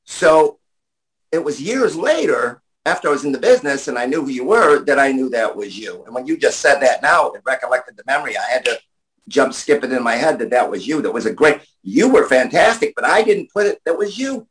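A man's voice: medium pitch, very animated, a little fast, fairly bright tone, rough recording. A man chatting casually, rambling through memories with restarts and laughter. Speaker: guest. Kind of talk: casual chat.

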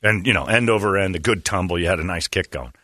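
A man hosting a talk show, telling comic stories in a loose, chatty way and acting out other people with sudden loud yelps. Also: deep voice, quick pace, slight background noise. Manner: animated, acts out voices with loud yelps. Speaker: radio show host. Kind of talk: casual comedic storytelling.

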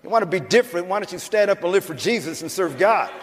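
A man's voice: high-pitched, lively intonation, fast, noisy background. An older man pastor preaching a sermon in an emphatic, conversational way, with restarts and asides. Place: church sanctuary. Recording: church hall with long reverb.

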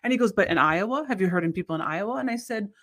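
A woman's voice: medium pitch, fast. A woman in her thirties from the United States, chatting casually as a podcast co-host and retelling her own story with lots of restarts. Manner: animated storyteller, restarts often, rises to exclaim. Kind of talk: casual chat.

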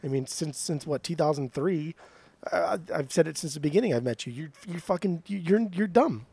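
A man's voice: on the high side, normal speed, creaky, slightly rough, no room sound. A man co-hosting a podcast in casual chat, ranting in mock outrage and swearing as he ribs his friend. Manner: mock-outraged, swears a lot, animated ribbing. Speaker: podcast co-host.

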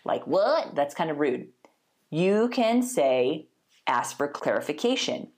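A woman with a low speaking voice teaches in a relaxed, talkative way. She keeps it conversational and upbeat, and her voice leaps up whenever she acts out a sample phrase. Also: measured pace. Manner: chatty, upbeat, demonstrates phrases with animated pitch jumps. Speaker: language teacher. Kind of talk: casual spoken lesson.

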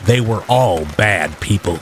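A man voicing a creepy older man who talks in a low, slow, matter-of-fact drawl, over steady rain. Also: a little hiss or hum. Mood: justifying.

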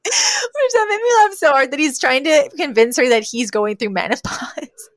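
Woman podcast cohost recapping a sitcom, lively, jumps into character voices, dry close mic. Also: moderate pace, no echo. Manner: animated, acts out lines with big pitch jumps. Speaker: podcast co-host. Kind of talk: casual chat recapping a sitcom.

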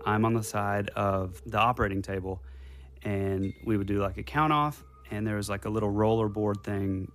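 Low-voiced man rambling through a story. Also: steady tone, normal speed, a bit bright. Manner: rambling, detail-heavy recounting with many restarts. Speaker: podcast guest telling a personal story. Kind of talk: casual spoken storytelling.

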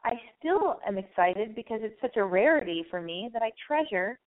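A woman hosting a casual call-in radio advice show, raspy and hoarse from losing her voice, talking candidly in a rambling way and swearing freely. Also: medium pitch, expressive, normal speed, phone-quality sound.

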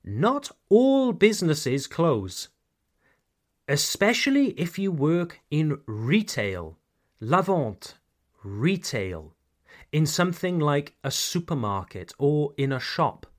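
A man hosting a podcast lesson, speaking clearly, repeating key phrases and addressing his listeners directly. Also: a little high. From United Kingdom. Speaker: English teacher, podcast host.

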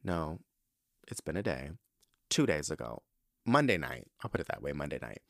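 A young man hosting a podcast, telling a story in a sassy, animated way with lots of emphatic repetition. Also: rumbling low, moderate pace, vocal fry, no room sound, clean studio sound. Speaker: podcast host. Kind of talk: casual podcast monologue.

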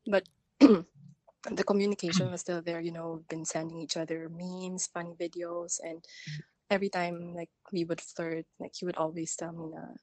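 Candid woman, low dry voice. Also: flat delivery, moderate pace, a little mellow, no room sound. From Philippines. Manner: candid, frequent fillers and restarts. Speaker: guest telling a dating story. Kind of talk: casual chat.

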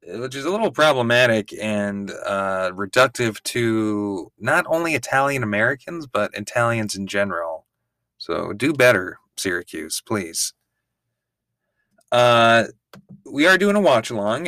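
A man's voice: fairly low pitch, sharp tone, no echo, clean studio sound. A man hosting a podcast, chatting casually and wryly with offhand swearing during a watch-along. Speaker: podcast host.

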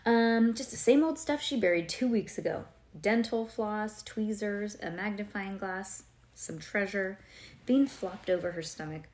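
A woman's voice: mid-range voice, measured pace, darkish tone. Woman, storybook reader at home; casual, chatty, keeps stopping the story for questions and asides, loose "like" and "um" fillers. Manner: conversational, quizzes the listener, digresses with "like" and "um". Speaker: parent reading a storybook aloud to a child.

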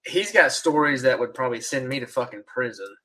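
A man's voice: mid-range voice, animated, brisk, crowd noise, rough recording. Podcast co-host, man, mid-range voice, laid-back and profane. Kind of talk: casual chat.

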